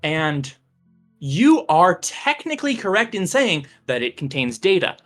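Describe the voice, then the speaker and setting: Brief: mid-pitched teacher on a voice call, patient and explanatory, fillers like "uh", music faint behind. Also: very animated, a little slow, a bit bright. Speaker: computer science teacher. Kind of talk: casual explanation on a stream.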